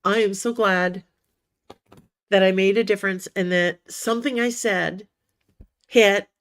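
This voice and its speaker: A woman's voice: medium pitch, steady tone, a little slow, a bit bright. A woman hosting a casual livestream for writers, chatty and encouraging, calling viewers honey and sweetie, with a cough that keeps breaking in. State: coughing now and then.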